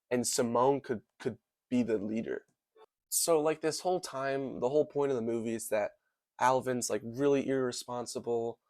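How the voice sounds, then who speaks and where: A man's voice: medium pitch, no echo, clean studio sound. Rambling young man roasting a movie. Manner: rambling, hyperbolic, full of "like" and "dude". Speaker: movie reviewer. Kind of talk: casual comedic movie commentary.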